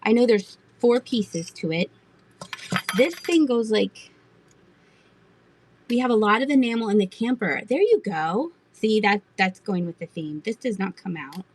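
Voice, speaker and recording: A woman's voice: mid-range voice, animated, a little slow, poor audio. A middle-aged woman hosting a live online auction, chatting and giggling with viewers as she shows vintage items. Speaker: live-stream auction seller. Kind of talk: casual live-selling chat.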